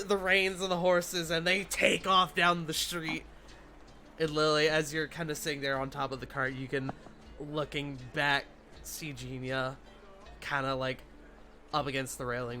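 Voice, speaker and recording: Bright-voiced game master narrating. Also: male voice, high voice, slight background noise. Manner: casual, swearing, animated narration.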